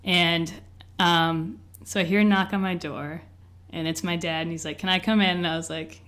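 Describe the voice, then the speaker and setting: A woman's voice: mid-range voice, normal speed, a bit bright. A woman in her twenties, telling a personal story to an interviewer in a chatty way, full of "like" and "you know". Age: 20s. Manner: chatty, lots of "like" and "you know", laughs often. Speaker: interview guest.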